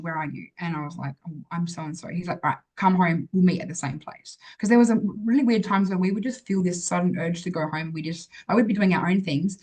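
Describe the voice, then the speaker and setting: A woman's voice: fairly low pitch, darkish tone, husky, low-quality recording. A woman, an interview guest, telling a personal story in a chatty way, full of fillers and acted-out dialogue.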